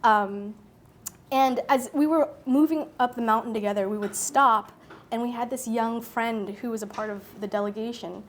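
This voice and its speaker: Lively woman telling a story at a talk. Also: fairly high pitch, moderate pace, a little hiss or hum. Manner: animated storyteller who acts out her own thoughts and laughs often. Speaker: speaker at a public talk.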